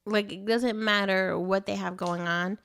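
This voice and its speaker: A woman's voice: mid-range voice, fairly even intonation, a little slow, fairly bright tone, clean tone. A young woman co-hosting a casual podcast chat, blunt and teasing, swearing freely. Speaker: podcast co-host.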